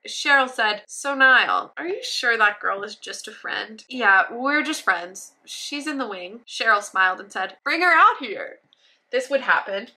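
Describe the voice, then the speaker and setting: Brief: bright, clear-toned woman, comedic read-aloud with wry commentary. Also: mid-range voice. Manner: sarcastic running commentary, laughing at her own writing. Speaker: YouTuber reading her old fanfiction aloud. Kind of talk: comedic reading with asides.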